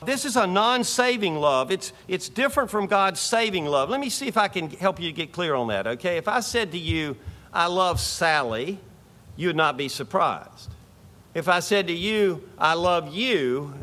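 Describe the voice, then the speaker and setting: A man's voice: high-pitched, bright, forceful tone. A man preaching a sermon to his congregation in a conversational way, asking rhetorical questions and repeating phrases for emphasis. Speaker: pastor. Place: church sanctuary.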